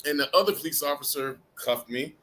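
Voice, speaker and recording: A middle-aged man hosting a live chat and telling a casual, animated anecdote, with restarts and the odd curse word. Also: a little high, brisk. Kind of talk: casual storytelling.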